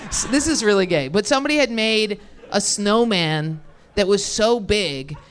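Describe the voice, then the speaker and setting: A woman's voice: mid-range voice, lively intonation, normal speed. Rambling young woman doing stand-up. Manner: rambling, self-deprecating, laughs mid-sentence; loses her thread, many fillers and restarts. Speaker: stand-up comedian. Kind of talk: stand-up set. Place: comedy club stage.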